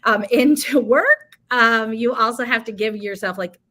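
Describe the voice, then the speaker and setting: A woman's voice: a little high, measured pace, bright, forceful tone. A woman speaking as a guest, explaining productivity tips in a chatty, conversational way with everyday examples. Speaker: guest speaker on teacher coaching. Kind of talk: conversational advice-giving.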